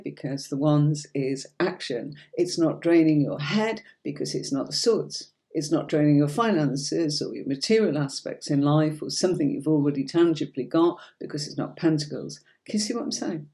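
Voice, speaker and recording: Low and warm, her voice carries a faint Yorkshire accent from her home in Yorkshire, England. She's teaching tarot live online, chatty and soothing, with viewers called darling.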